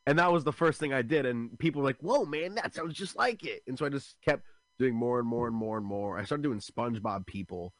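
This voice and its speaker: A young man who does stand-up comedy. He is a guest in an interview and tells animated stories with many restarts. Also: mid-range voice, fast talker, no echo. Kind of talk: casual interview chat.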